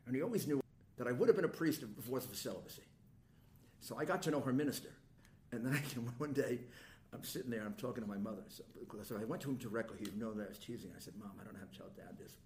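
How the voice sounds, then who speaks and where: A man's voice: medium pitch, fast talker. Older guy, chatty storyteller, does his relatives' voices, roomy sound, faint hiss. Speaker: guest. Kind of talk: casual storytelling chat. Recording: roomy room echo.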